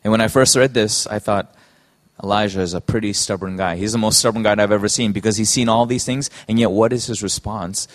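Lower-voiced man preaching a sermon. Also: fairly even intonation. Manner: earnest, halting with frequent restarts.

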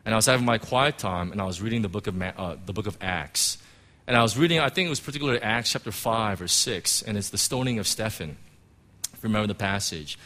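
A middle-aged man, a pastor, giving an emotional personal testimony in church, halting and restarting as he tells it. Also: lowish voice, animated, pushed and bright. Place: church sanctuary.

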